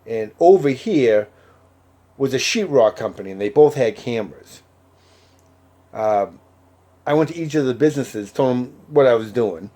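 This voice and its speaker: A man's voice: mid-range voice, lively intonation, normal speed, pauses often, mellow. A man telling a personal story in a casual, conversational way, acting out the other people's words with lots of fillers. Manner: conversational, many fillers and quoted dialogue. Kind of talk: casual anecdote.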